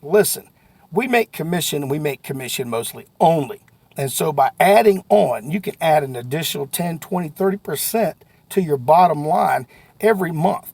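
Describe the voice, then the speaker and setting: A man giving a folksy, animated sales lesson that breaks into sudden shouts. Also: a little high, moderate pace, vocal fry, breathy edge, dry recording. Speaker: sales trainer. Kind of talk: motivational sales talk to camera.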